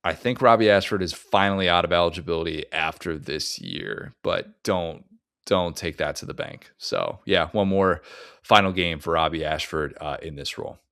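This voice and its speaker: A man hosting a sports podcast, speaking at a deliberate, measured pace in casual chat. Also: deep voice, fairly bright tone, no echo, studio quality. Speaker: podcast host.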